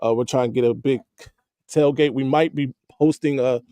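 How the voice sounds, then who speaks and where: A man hosting a casual live-streamed call-in show, hyped and quick with slangy interjections. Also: medium pitch, fairly even intonation, dark tone, no room sound. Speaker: host.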